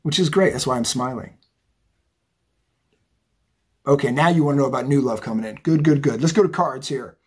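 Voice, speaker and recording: Brief: middle-aged male tarot reader, rough breathy voice, loose chatty delivery. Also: mid-range voice, fast talker. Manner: chatty, rambling, animated, says "right?" and "okay?" often. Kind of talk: casual tarot reading monologue.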